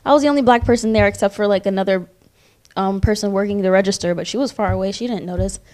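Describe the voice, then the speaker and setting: A woman speaks at an ordinary middle pitch in a relaxed group conversation. She tells her story with lively animation and slips into the voices of the people she describes. It is the unpolished sound of casual talk. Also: quick pace. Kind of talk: casual discussion.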